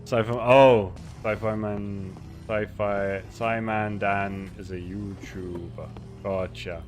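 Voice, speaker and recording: Low-voiced man rambling on stream. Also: steady tone, slow pace, faint music behind. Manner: rambling, self-mocking, reads chat aloud. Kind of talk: casual livestream chat while gaming.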